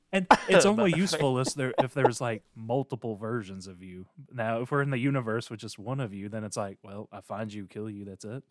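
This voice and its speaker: A man co-hosting a podcast, joking and rambling through casual chat. His voice sits at an ordinary pitch. It sounds dry and close, with little room echo. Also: very animated, moderate pace, a bit bright. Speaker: podcast co-host.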